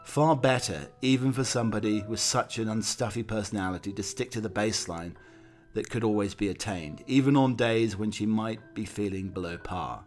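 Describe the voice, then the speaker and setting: Low-voiced man reading a narration. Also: soft background music. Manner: steady, measured reading with occasional slips. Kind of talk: scripted narration.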